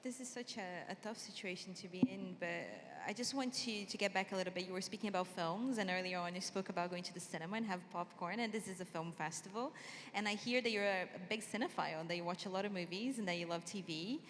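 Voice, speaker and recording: A woman's voice: mid-range voice, quick pace. A woman from Brazil interviewing a guest on a festival stage, asking long, effusive questions. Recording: long hall reverb, faint noise.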